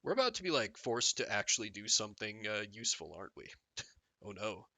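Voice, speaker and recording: Bright animated man streaming a game. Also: fairly low pitch, a little fast, dry recording. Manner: jokey, animated, reads game text and riffs on it. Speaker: streamer playing a text game. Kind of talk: live game commentary and reading aloud.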